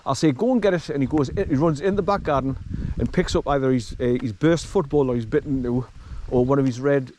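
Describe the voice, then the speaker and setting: Walking a rural forest track outdoors, a man films his hike and rambles chattily to the viewer. His medium-pitched, darkish voice moves a little fast with hardly any pauses, over a faint hiss or hum.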